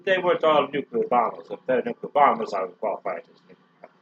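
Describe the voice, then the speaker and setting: Fast and sing-song, with a mid-range voice, a man co-hosting a let's play delivers joking gameplay commentary in an exaggerated mock Russian accent, captured in a dull lo-fi recording.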